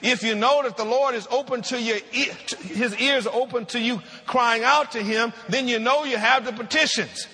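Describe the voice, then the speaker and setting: A man preaching a sermon, asking the congregation questions and slowing down to draw out scripture verses. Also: very high voice, pushed and bright, in a large hall. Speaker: pastor.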